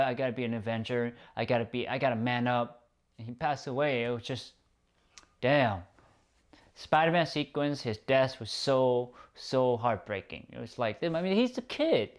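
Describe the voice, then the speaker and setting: A man's voice: medium pitch, smooth. A man giving a casual spoken movie review, rambling with lots of "like" and "um" fillers and casual swearing. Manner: loose and rambling, full of "like" and "um", swears freely.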